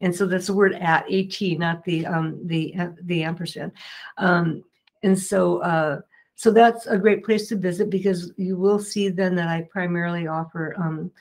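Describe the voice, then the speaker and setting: A woman's voice: fairly low pitch, steady tone, moderate pace, a little mellow. A middle-aged woman, a mediator and interview guest, explaining earnestly with frequent fillers and restarts. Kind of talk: interview answers.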